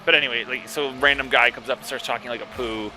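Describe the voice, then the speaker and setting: A man's voice: medium pitch, fairly even intonation, fast. A man chatting casually during an online game, rambling and hesitant as he hunts for his words. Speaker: gamer chatting while playing. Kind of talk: casual chat over game voice chat. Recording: voice chat with game music behind.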